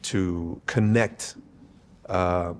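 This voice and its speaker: A man's voice: deep voice, steady tone, drawn-out words, slight background noise. A man speaking as a podcast guest, earnest and emphatic, often checking in with "right?". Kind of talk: conversational interview.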